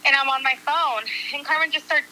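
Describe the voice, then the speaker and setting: This woman's high-pitched voice moves fairly quickly as she entertains friends with a story. She acts out quotes and swears casually, and the audio quality is poor.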